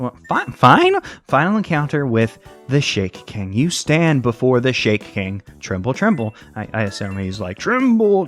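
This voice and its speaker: A young man giving casual, rambling, jokey commentary while playing a video game, often correcting himself mid-sentence. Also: lowish voice. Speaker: let's play commentator.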